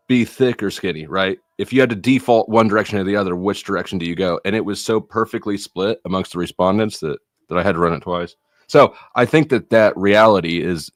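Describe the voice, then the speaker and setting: A man in his thirties speaking as a panel guest, in a measured, analytical way. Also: low voice, dry recording, studio quality. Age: 30s. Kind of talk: casual panel chat.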